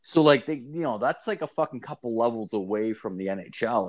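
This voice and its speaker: A man's voice: mid-range voice, brisk. Profane rambling man telling stories. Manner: profane, rambling, animated storytelling with heavy filler. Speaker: storyteller. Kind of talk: casual chat.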